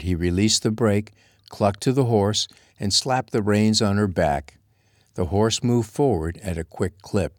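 A man reading a romance novel aloud as narrator, in a steady, measured way. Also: lowish voice, no room sound, clean studio sound. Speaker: audiobook narrator. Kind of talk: scripted narration.

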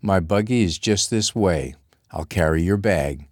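A man's voice: deep voice, measured pace, a little mellow, no echo, studio quality. A man doing a rugged cowboy with a lazy drawl. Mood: amused, easy.

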